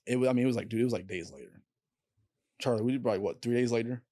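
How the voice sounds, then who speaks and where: A young man, a podcast guest, telling a painful personal story in a candid, halting way and swearing freely. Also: mid-range voice, mellow, no echo, clean studio sound. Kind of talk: casual storytelling.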